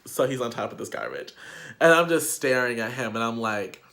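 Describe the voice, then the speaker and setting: A man's voice: mid-range voice, expressive, normal speed, creaky, sharp tone. A young man vlogger telling a casual storytime, chatty and profane, with lots of "like" fillers.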